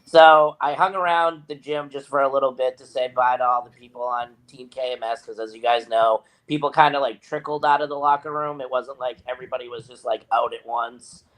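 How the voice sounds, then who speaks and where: A man co-hosting a casual podcast, telling a story in an animated way, mimicking other people and laughing often. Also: mid-range voice, fairly quick, hardly any pauses, poor audio. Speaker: podcast co-host.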